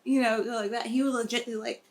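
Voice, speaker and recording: A woman's voice: fairly high pitch, little pitch movement, fast. A young woman co-hosting a podcast, telling a story bluntly and swearing a lot in casual chat. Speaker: podcast co-host, dancer.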